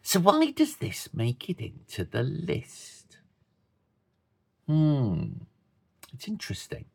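Slow, lively man preaching. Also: on the high side, creaky, breathy edge. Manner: slow, thoughtful, conversational preaching with playful asides. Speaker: pastor. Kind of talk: sermon to a congregation with children.

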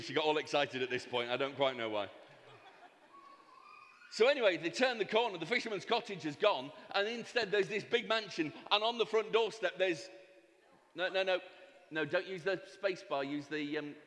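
Male comic storyteller, fairly high voice, chatty asides, hall reverb. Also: moderate pace, a little hiss or hum. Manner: animated, breaks off for audience asides. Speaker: speaker at a fundraising event.

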